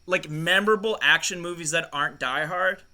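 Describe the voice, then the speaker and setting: A man co-hosting a loose, profane podcast conversation, rambling from thought to thought and laughing easily. His voice sits a bit high and rings very bright. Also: moderate pace. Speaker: podcast co-host. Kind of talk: casual chat.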